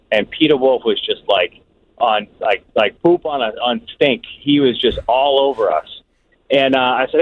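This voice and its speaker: A man, calling a radio show and telling a story in a lively, laughing way. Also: mid-range voice. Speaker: caller. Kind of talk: phone-in storytelling. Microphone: phone. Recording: tinny phone line.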